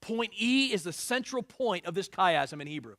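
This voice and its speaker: A man preaching a sermon with a fairly high voice. He reads scripture with swelling emphasis and slips in jokes for the congregation. The sound is dry and close. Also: moderate pace, no echo. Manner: animated and joking, reads scripture with rising emphasis. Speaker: pastor.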